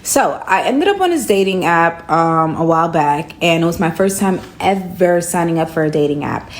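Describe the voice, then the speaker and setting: A young woman tells a casual storytime tale in slangy speech at a moderate pace. Her intonation is lively, and she acts out the dialogue with sudden upward jumps in pitch.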